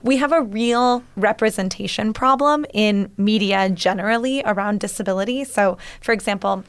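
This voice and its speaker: Raspy-voiced woman podcast host. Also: mid-range voice, moderate pace, no room sound. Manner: upbeat, informative, shares statistics. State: raspy voice today. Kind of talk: studio podcast chat. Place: radio studio.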